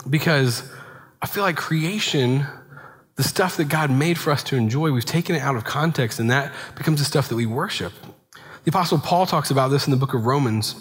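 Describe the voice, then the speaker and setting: A man in his thirties preaching a sermon in a relaxed, conversational way, full of asides and rhetorical "right?" checks. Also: medium pitch, fairly quick. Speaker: pastor. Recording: long hall reverb.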